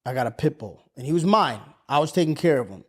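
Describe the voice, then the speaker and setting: Animated man telling a story. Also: fairly high pitch, quick pace, slightly rough. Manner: animated storyteller acting out voices, heavy swearing. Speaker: podcast co-host. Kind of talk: casual podcast storytelling.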